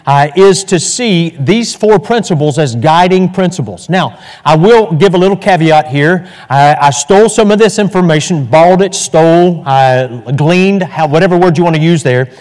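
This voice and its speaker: A man's voice: a little high, normal speed, darkish tone. A male pastor teaching an evening church lesson in a folksy, chatty way, full of fillers and restarts. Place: church hall. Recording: echoey hall.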